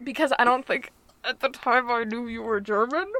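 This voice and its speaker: A woman's voice: on the high side, moderate pace, sharp tone. A woman co-hosting a tabletop podcast, chatting casually with lots of ums and likes. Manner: rambling, many ums and likes. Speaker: podcast co-host and tabletop player. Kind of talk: casual chat.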